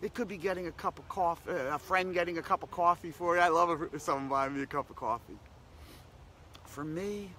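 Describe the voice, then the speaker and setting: A man's voice: fairly high pitch, pushed and bright, a little hiss or hum. A man hosting a daily positivity practice, giving an upbeat, repetitive motivational talk that keeps circling back to short slogans. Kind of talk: motivational self-help talk.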